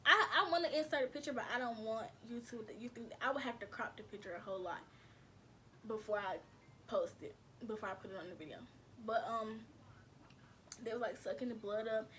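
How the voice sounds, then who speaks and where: A woman's voice: a little high, fairly quick, pushed and bright, a little hiss or hum. Chatty woman vlogger telling a story. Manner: chatty, addresses viewers as y'all, slangy and laughing. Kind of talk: casual storytelling to viewers.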